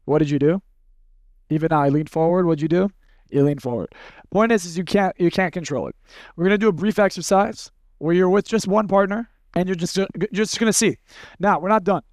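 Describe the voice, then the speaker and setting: Blunt, slightly high-voiced man teaching a workshop. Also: fairly quick, a little mellow, dry recording, studio quality. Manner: blunt, conversational, demonstrates with acted snippets. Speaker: seminar speaker. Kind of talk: live workshop demonstration.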